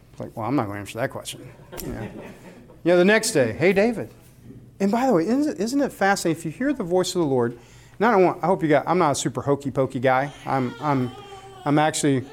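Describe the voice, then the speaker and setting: A man in his forties giving a candid, personal conversational sermon and asking his listeners questions. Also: mid-range voice. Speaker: speaker leading a church group.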